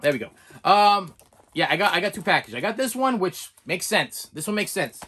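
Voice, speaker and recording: Man, middle-aged, casual unboxing talk, rambling, repetitive, joking, fairly high pitch. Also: big pitch swings, moderate pace, bright, forceful tone, slightly rough. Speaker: movie collector vlogger.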